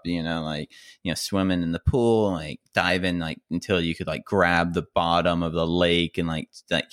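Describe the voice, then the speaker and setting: A man co-hosting a podcast, telling a long, rambling story in casual chat with lots of fillers and shouted quotes. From rural America. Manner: rambling, animated, acts out quotes in a high yell. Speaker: podcast co-host.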